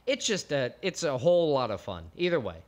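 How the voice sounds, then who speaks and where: Chatty American man, slightly high voice. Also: sing-song, fairly quick. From United States. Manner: chatty, rambling with restarts. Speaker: podcast co-host. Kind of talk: casual chat.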